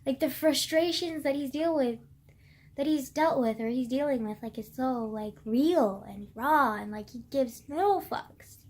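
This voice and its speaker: A young woman talks through a book review in a high-pitched voice. Her casual, rambling chat is packed with "like" and frequent swearing. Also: unhurried, darkish tone. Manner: rambling, heavy filler "like", swears often.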